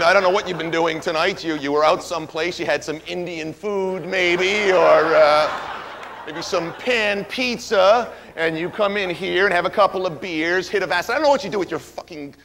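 A man's voice: high voice, background noise. A man playing a sneering, defiant stage ranter. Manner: sneering, defensive, mock-cheerful. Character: defiant, sarcastic male performer taunting the audience. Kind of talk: stage monologue character.

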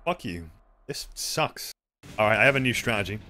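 A man's voice: lowish voice, moderate pace, a little hiss or hum. A young man streaming a game, chatting and reacting with yelps and laughs. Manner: excitable, swings into loud yelps and laughs. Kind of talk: gaming stream commentary.

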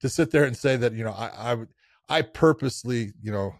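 A man co-hosting a podcast in relaxed, casual chat, often saying "you know". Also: medium pitch, brisk, no echo, studio quality. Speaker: podcast co-host.

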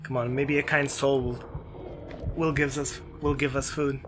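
A man giving let's play commentary on a horror game, excitable and yelping whenever something startles him. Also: a little slow. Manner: excitable, yelps and jumps high when scared. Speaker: gaming YouTuber. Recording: game music playing behind.

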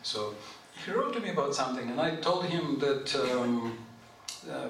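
Lively male lecturer in an echoey hall. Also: medium pitch, normal speed, far from the mic. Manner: animated, chatty, asks the audience questions; clears his throat often. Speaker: lecturer on scripture. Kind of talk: informal scripture lecture to a live group. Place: temple hall. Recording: very echoey hall, voice from off-mic, faint noise.

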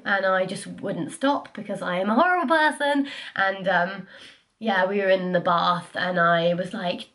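A woman's voice: medium pitch, measured pace, fairly bright tone. A young woman, chatting casually to camera about her life, sniffly, self-deprecating and full of fillers. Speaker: vlogger.

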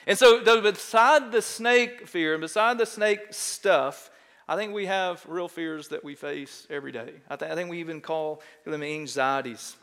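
Animated Texan preacher in a reverberant hall. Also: male voice, a little high, moderate pace, smooth. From Texas. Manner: animated, self-mocking storyteller, often asks "right?". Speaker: pastor. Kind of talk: sermon with storytelling. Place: large church sanctuary. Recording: long church hall reverb.

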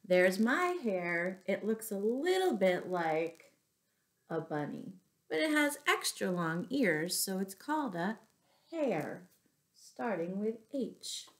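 Slow sing-song woman reading to kids. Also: medium pitch, very animated. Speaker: teacher reading to children. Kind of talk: storytime read-aloud for young children.

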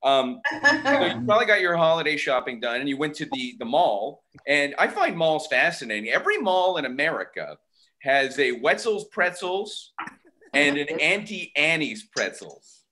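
A man's voice: fairly high pitch, sing-song, moderate pace, bright, forceful tone. Rambling man doing stand-up from home. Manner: self-deprecating, rambling, chatty asides. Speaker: stand-up comedian. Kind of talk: stand-up set over video call. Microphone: video call.

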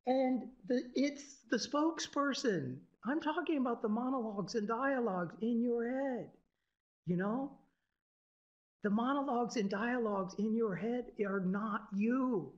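A man's voice: extremely high pitch, unhurried. A man giving an informal, irreverent spiritual talk to a group, swearing freely and laughing often. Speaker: teacher. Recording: dull lo-fi recording.

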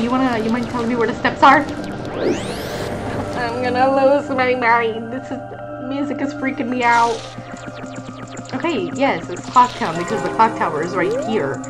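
A woman streaming a video game in casual commentary, excitable, swinging from low muttering to loud panicked yelps. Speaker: gaming streamer. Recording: loud game music under the voice.

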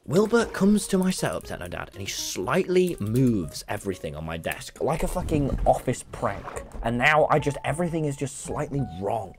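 A young man with an English accent, chatting and teasing excitably while gaming on stream. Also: medium pitch, moderate pace, hardly any pauses, soft background music. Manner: excitable, teasing, loud bursts. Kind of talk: casual gaming chat.

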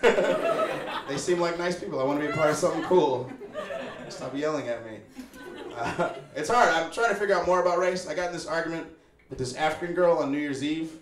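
Young Chicago-raised male comic, deadpan and wry, slightly high voice; roomy live sound with audience laughs. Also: fast talker, crowd noise. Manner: laid-back, wry and deadpan, acts out quoted people. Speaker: stand-up comedian. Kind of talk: stand-up comedy set. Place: small apartment living room with a live audience.

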